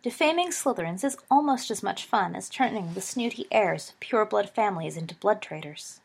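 A woman's voice: medium pitch, animated, a little fast, gravelly, slightly rough. A woman reading aloud, voicing a smug, teasing teenage wizard boy. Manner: smug, chuckling.

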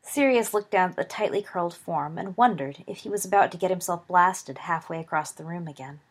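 Woman storybook narrator, low husky voice, steady expressive read. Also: brisk. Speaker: reader.

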